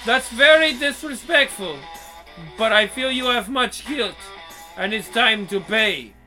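Brief: stern Russian woman boss of a fake jail, dramatic and slow, high bright voice, as a man puts her on. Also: faint music behind, exaggerated voice, low-quality recording. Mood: mournful, menacing. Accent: put-on Russian. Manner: indignant, dramatic, drawn-out words.

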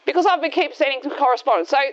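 Blunt, high-voiced woman in her sixties. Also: very fast, highs cut off. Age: 60s. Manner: blunt, outspoken, swears freely. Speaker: speaker addressing a group. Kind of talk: casual anecdotal talk.

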